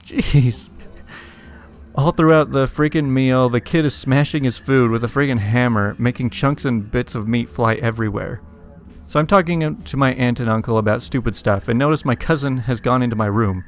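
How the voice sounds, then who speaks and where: A man's voice: mid-range voice, a little fast. A man casually reading funny internet stories aloud, chuckling and adding wry asides between them. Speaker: story reader. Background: faint music.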